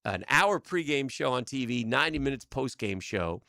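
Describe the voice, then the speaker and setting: A man co-hosting a sports radio show, telling stories with animated delivery and quick restarts in a radio studio. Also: mid-range voice, vocal fry, no room sound. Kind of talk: casual sports radio banter.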